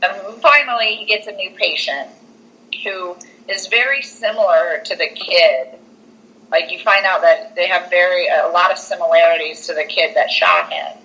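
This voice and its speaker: A woman's voice: on the low side, normal speed, poor audio. A young woman on a podcast, casually and animatedly retelling a film plot, full of "like" and acted-out quotes. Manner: animated storyteller, heavy use of "like", acts out quotes. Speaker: podcast co-host.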